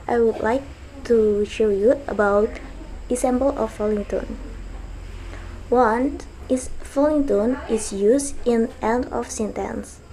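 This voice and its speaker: A woman's voice: on the high side, dark tone, a little hiss or hum, low-quality recording. A young woman with an Indonesian accent giving a student presentation, opening formally and reading example sentences. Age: young adult. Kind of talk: classroom presentation.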